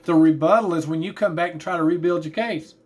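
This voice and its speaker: A man's voice: a little high, fast talker. A man teaching a class, talking in a tired, chatty way with asides about yawning. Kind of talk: classroom lecture.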